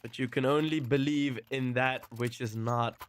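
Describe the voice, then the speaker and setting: A man casting a live match with play-by-play commentary, excitable and quick to exclaim between calls. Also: medium pitch, slight background noise. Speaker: esports caster.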